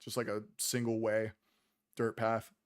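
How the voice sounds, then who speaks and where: A man narrating as game master of a tabletop game, relaxed, with many ums and uhs. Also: fairly low pitch, measured pace, clean tone.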